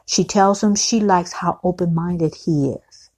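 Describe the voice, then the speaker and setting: A woman's voice: on the low side, unhurried, a little mellow. A woman recapping a TV episode in a chatty, opinionated vlog, often calling her viewers guys. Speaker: TV recap vlogger. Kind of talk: casual episode recap with commentary.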